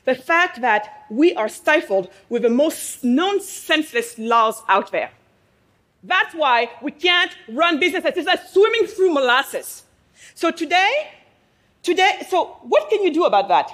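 A woman business owner giving a passionate speech to a live audience in a room. She fires rhetorical questions, prompts listeners to answer, and stresses her points with pauses. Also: sits high, very animated, fairly bright tone. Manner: emphatic, with pauses for effect.

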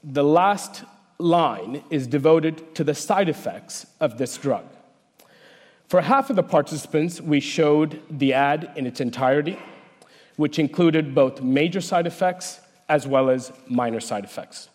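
A man, a researcher, giving a prepared talk in a measured, explanatory way. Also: fairly high pitch, a little mellow. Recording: long hall reverb.

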